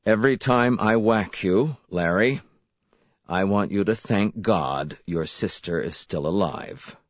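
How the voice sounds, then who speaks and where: A man voicing a stern farm father who speaks calmly and gravely, in a slightly dull, dry recording. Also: lowish voice, dry recording. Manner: calm, grave, measured.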